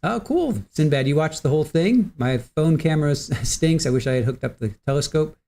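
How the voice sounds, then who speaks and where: A man's voice: fairly high pitch, lively intonation, a little fast, creaky, dark tone. Chatty man hosting a livestream. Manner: chatty, greets viewers by name, laughs easily. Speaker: livestream host. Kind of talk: casual livestream chat.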